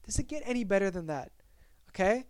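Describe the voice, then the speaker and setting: A young adult podcast host on a comic solo rant, talking in an exaggerated, animated way and swearing freely. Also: medium pitch, brisk, a little hiss or hum.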